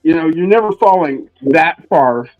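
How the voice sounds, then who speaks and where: A man chatting casually on a livestream, laid-back and swearing, acting out quotes in a high voice. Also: animated, moderate pace, no echo, narrow, tinny audio, soft background music. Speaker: co-host.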